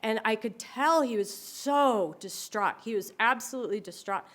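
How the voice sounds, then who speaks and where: Animated woman giving a talk. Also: a little high, normal speed. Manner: animated storyteller who acts out quoted voices. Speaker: speaker on dementia care. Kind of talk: presentation to an audience.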